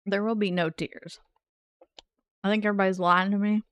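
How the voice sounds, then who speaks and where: A woman's voice: medium pitch, steady tone, brisk, clear, resonant tone, dry recording. A woman game streamer chatting casually with her viewers in a playful, teasing way and laughing often. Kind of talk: casual live-stream chat.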